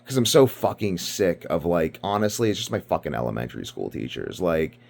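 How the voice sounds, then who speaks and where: A man's voice: low-pitched, very animated, a little fast, creaky, darkish tone. A man from Britain giving rambling casual commentary, ranting and profane, full of fillers. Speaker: video commentator.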